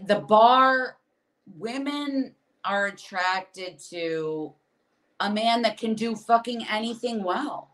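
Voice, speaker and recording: A woman's voice: on the high side, slow pace, fairly bright tone, low-quality recording. A woman comedian, a podcast guest, talking candidly and venting with acted asides. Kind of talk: casual podcast chat.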